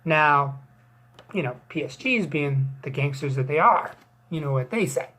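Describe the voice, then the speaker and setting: A woman's voice: low-pitched, animated, moderate pace, fairly bright tone, slight background noise. A woman hosting a fantasy football league recap, rambling and joking with crude asides and plenty of fillers. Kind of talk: casual joking sports recap.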